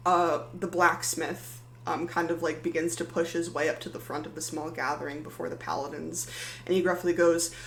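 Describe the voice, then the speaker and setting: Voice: medium pitch, fairly bright tone, echoey room, low-quality recording. A game master narrating a tabletop game in a loose, rambling way full of fillers.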